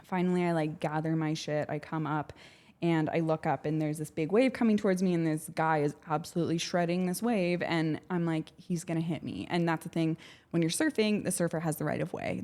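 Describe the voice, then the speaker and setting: A woman's voice: sits low, fairly even intonation, brisk, a little mellow. A young woman from Canada, a podcast guest, chattily telling a story with lots of fillers and acted-out voices. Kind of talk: casual storytelling.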